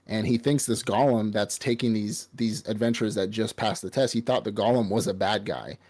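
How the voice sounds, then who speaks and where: A man's voice: fairly low pitch, fairly quick, a little mellow. A man hosting a podcast, casually and profanely retelling an anime episode. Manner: rambling, profane storytelling with laughs. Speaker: podcast host. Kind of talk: casual anime recap chat.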